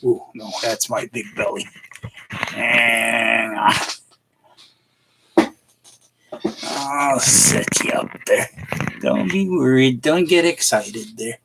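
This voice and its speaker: A middle-aged Canadian man with a mid-range voice hosts a casual live stream on a very noisy recording. Chuckling often, he greets viewers by name in a folksy, halting way, sprinkling in plenty of "eh"s and fillers.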